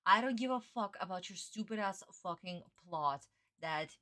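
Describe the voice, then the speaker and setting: A woman streamer reacting to an anime dub, exasperated and swearing while deliberately keeping her voice down. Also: mid-range voice, expressive, bright, forceful tone. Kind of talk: casual reaction commentary.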